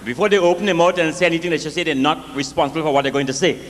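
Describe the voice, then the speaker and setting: A man with a West Indian accent performing a live comic storytelling set, lively and jokey, with sing-song swings in pitch. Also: racing, long reverb tail, slight background noise. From West Indies.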